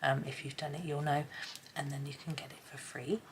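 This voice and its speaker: A hoarse woman with a chatty, rambling manner talks casually while colouring, often dropping to a near whisper. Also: low-pitched, little pitch movement, brisk, a little hiss or hum. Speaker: colouring channel host.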